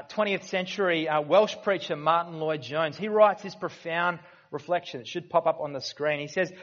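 A pastor preaching in an earnest, conversational way, often stopping to restart a thought. His voice sits a little high for a man. The recording is dull and lo-fi. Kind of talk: sermon.

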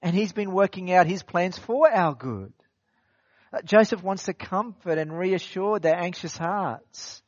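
A man with a fairly high voice preaches a sermon in a relaxed, conversational way. He repeats phrases for emphasis and asks his listeners rhetorical questions. The recording is dry and a bit dull. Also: no room sound. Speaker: pastor. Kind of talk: expository sermon.

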